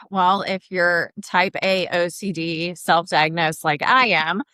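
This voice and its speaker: A woman with a Southern accent, chatting as a podcast co-host in an upbeat, filler-heavy way. Her voice sits a little low but rings forceful and bright. The recording is close and dry. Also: slow pace, clear, resonant tone, no echo. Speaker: podcast co-host, travel advisor. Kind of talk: casual podcast chat.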